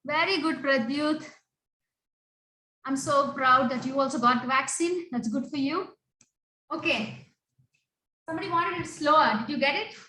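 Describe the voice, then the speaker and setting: A woman's voice: sits high, moderate pace, long pauses, bright, forceful tone, a little hiss or hum. A woman teaching an online dance class to children over a video call, chanting sung syllables to set the beat and calling on students by name with short instructions. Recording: very echoey room, voice from a distance.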